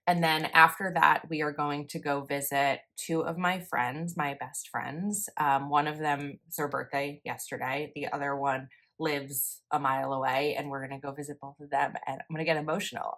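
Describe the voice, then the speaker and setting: A young woman with a low, slightly bright voice talks through her planner in a casual voice-over, keeping a level tone and a moderate pace with hardly any pauses. A planner vlogger, she chats away, rambles a little, and corrects herself as she goes.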